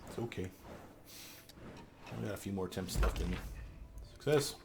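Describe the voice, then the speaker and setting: Low-voiced exasperated gaming man. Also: moderate pace, gravelly, background noise. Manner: exasperated, swears and pleads with game characters. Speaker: let's play host. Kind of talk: gameplay commentary.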